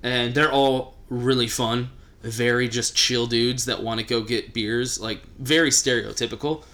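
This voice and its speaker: A young man with a light Texan accent and a bright, forward voice. He talks in a loose, casual way, full of "like" and "uh", tossing out blunt, opinionated takes with a joking edge. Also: medium pitch, fairly even intonation, a little slow. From Texas. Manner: opinionated, joking, many fillers. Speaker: podcast co-host. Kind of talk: casual chat.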